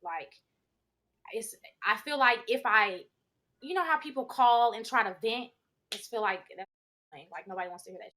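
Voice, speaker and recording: A woman on a podcast in casual chat, candid and halting, with many fillers. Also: on the high side, lively intonation, pushed and bright. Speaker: podcast co-host.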